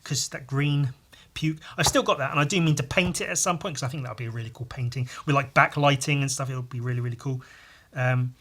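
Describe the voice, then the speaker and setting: A man chatting on his podcast, swearing freely as he rambles through strong opinions. His voice is bright and forceful, with a middling pitch and plenty of filler words. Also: fairly even intonation, quick pace. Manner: profane, ranting, opinionated. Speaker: podcast host. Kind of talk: casual chat.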